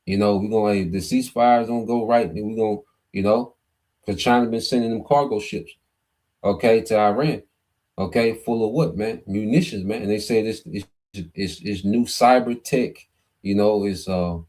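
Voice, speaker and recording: A man's voice: fairly low pitch, a little mellow. A man hosting a livestream of Bible prophecy commentary, reading scripture aloud and tagging nearly every phrase with "okay," "man," or "all right.". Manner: reads scripture aloud, then explains word by word.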